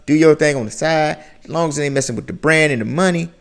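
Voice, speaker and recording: A man hosting a casual reaction chat, talking in an animated, slangy way and often repeating his phrases. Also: a little high, fast talker. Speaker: reaction channel host.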